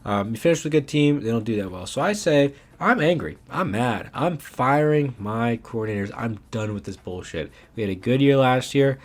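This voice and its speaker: A young man giving casual, animated commentary over his own video game footage, ranting and saying "man" often. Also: mid-range voice, moderate pace, hardly any pauses. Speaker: gaming YouTuber.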